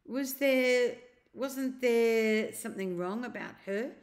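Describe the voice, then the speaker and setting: A woman's voice: on the high side, takes it slowly, voice pushed up. Woman doing an urgent, indignant young boy. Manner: urgent, raised, pleading questions. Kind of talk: storybook reading.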